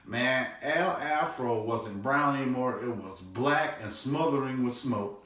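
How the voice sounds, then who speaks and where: A man telling a comic family story, animated and loose, now and then shouting quoted lines in a high voice. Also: unhurried. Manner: animated, shouts his dad's cussing in a high voice. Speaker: comedian. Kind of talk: storytelling stand-up. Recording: echoey room, distant mic.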